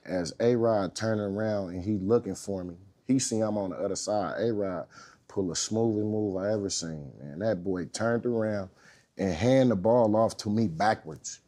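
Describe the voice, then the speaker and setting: A man in his thirties telling a story as a guest, relaxed and slangy, swearing freely and often asking "you know what I mean". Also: fairly low pitch, normal speed. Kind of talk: casual storytelling.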